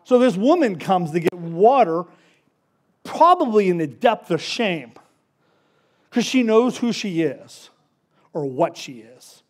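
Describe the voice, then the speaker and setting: A man preaching a casual, story-driven sermon, acting out the characters in quick voices. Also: high voice, very animated. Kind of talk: conversational sermon.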